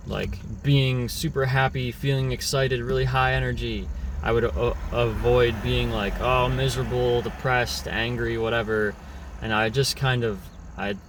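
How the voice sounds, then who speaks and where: A man's voice: fairly low pitch, slight background noise. A young man talking through a casual, rambling reflective monologue, often restarting his words. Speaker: vlogger.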